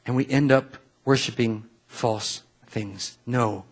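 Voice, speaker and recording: A man preaching a sermon as pastor, telling a Bible story in a lively way, swinging from soft asides to loud acted-out voices. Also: mid-range voice, takes it slowly, slightly rough.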